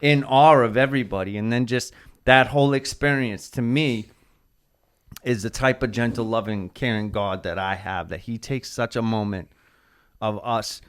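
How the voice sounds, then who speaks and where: A man's voice: medium pitch, normal speed, smooth. A man, a dancer, telling a story in casual podcast talk, rambling with lots of "like" and swearing.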